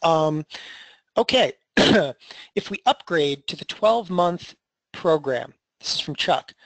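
Upbeat high-voiced man pitching a webinar. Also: slow, creaky, dry recording, poor audio. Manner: energetic, salesy, tags lines with "okay?". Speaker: trading educator hosting a webinar.

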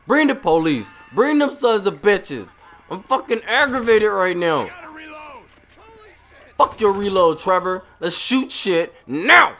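A man giving casual commentary over his video game playthrough, profane and excitable, full of trash talk. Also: high-pitched, slow. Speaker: gaming channel host.

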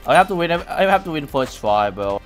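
Excitable young man taunting in a game. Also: a little high, a little fast, music in the background. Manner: excitable, taunting opponents, non-native English. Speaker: gaming YouTuber. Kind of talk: live gameplay commentary.

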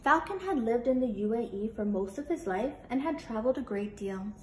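Brief: woman teacher, animated interactive read-aloud for children, echoey room, faint noise. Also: fairly high pitch, fairly quick. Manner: animated, asks children questions.

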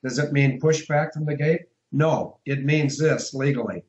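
A man's voice: medium pitch, moderate pace, darkish tone. Man on an echoey, muffled line. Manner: discursive, emphatic, spells out letters. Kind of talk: phone-in radio interview.

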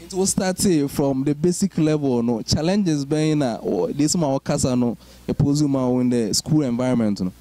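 A man's voice: mid-range voice, moderate pace, warm tone. A man interviewing a guest, asking questions in Twi mixed with English. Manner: asks questions, code-switching between Twi and English.

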